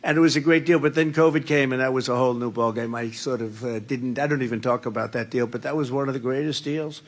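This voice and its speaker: In a large indoor rally room, an older man gives a rambling, boastful campaign speech, repeating his phrases often. His mid-range voice holds a steady tone at a quick pace.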